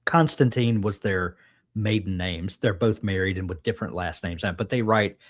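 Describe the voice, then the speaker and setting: A man co-hosting a casual book chat, thinking aloud in a rambling way with many pauses. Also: deep voice. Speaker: podcast co-host.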